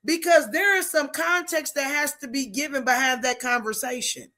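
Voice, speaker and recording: A woman's voice: sits high, steady tone, normal speed, few pauses, pushed and bright. A middle-aged woman hosting a faith-based talk show, talking in an emphatic, preachy, conversational way. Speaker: host.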